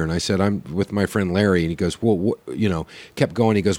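A man's voice: low-pitched, quick pace, hardly any pauses, a little mellow, dry recording. A man telling a long story in a casual podcast chat, swearing freely and acting out the lines of the people in it. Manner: profane storyteller acting out quoted dialogue.

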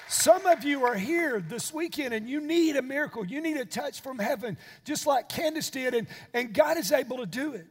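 An older man preaching a sermon, moving from quiet storytelling into impassioned exhortation. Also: very high-pitched, expressive, normal speed, few pauses, husky, big-room sound, a faint crowd. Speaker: pastor.

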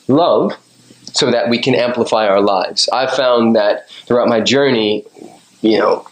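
A man's voice: medium pitch, a little slow. A man being interviewed as a guest on a podcast, talking about love in a playful, preachy, enthusiastic way. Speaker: podcast guest, author and coach. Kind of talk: casual interview. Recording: roomy echo.

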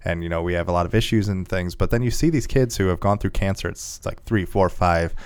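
Fast-talking deep-voiced man. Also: clear, resonant tone, no echo. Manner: earnest, quick, repeats words. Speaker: podcast co-host. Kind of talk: casual chat.

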